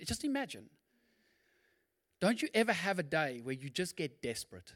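A male pastor preaching a sermon in a lively, conversational way, with quick asides and acted-out quotes. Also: on the high side.

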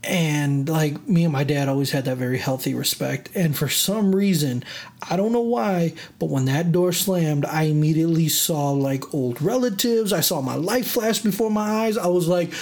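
Casual vlogger with a mid-range voice, animated and dramatic, full of fillers. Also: medium pitch. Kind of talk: casual storytelling rant.

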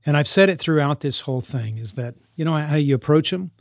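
A man's voice: fairly high pitch, lively intonation, brisk, vocal fry, dry recording, studio quality. Earnest man giving a parenting talk. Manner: earnest, repeats and restarts phrases. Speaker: youth mentor living with teens.

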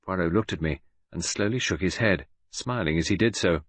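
A man narrating an audiobook in an expressive storytelling manner. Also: low-pitched, brisk, no echo. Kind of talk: scripted narration.

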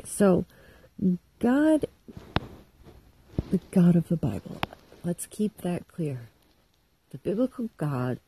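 A woman's voice: mid-range voice, mellow, slightly rough, poor audio. A middle-aged woman telling a story in a casual, irreverent and profane comic monologue.

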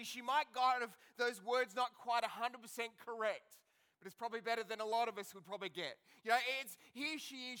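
Man preaching, high voice, clear, earnest, questioning the congregation. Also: sharp tone. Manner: earnest, repeats words, asks the congregation questions. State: limping after an accident. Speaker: pastor. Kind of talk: sermon. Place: church hall.

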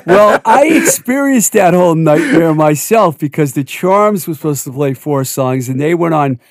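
A man's voice: fairly high pitch, animated, normal speed, no room sound, clean studio sound. A man hosting a podcast, chatting casually and prompting his guest to tell stories. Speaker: podcast host. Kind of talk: casual interview chat.

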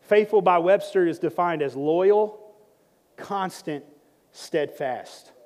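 A pastor delivers a sermon slowly in a church sanctuary, his high, bright voice shifting between soft prayer and playful teasing of the congregation. He's a lively, joking preacher who both prays and teaches, and the hall gives his words a long reverb.

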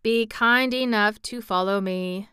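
A woman voicing a polite, formal copper clockwork man in a storybook reading, speaking in a stiff, measured way. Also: medium pitch, fairly bright tone, clean tone, no echo, studio quality, natural voice. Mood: courteous.

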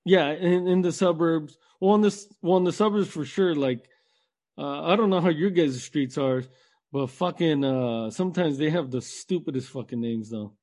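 A man's voice: a little high, normal speed, darkish tone. A man co-hosting a podcast, talking casually and rambling with lots of swearing. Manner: profane, rambling, says bro and man. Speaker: podcast co-host. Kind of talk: casual chat.

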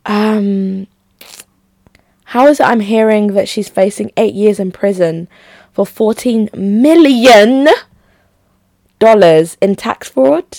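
A young woman hosting a solo podcast, chatty and opinionated, her pitch jumping high when she makes a point. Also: takes it slowly, gravelly, pauses often, no room sound. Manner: chatty, gossipy and opinionated, with lively pitch jumps. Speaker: podcast host. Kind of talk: casual solo podcast chat.

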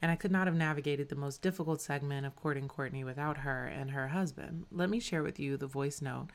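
A woman's voice: low voice, a little fast. A woman hosting a podcast, talking candidly and casually about her friends, with fillers and some swearing. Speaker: podcast host. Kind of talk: scripted podcast narration.

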